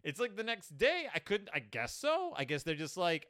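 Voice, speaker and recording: Animated, sarcastic young man. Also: high-pitched, normal speed, no room sound, clean studio sound. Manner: sarcastic, animated, puts on voices. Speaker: host reviewing a children's book. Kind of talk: comedic book commentary.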